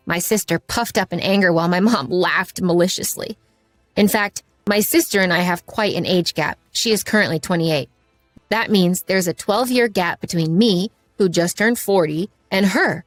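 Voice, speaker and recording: A woman's voice: lowish voice, normal speed, no room sound, faint music behind. Woman narrating a first-person story.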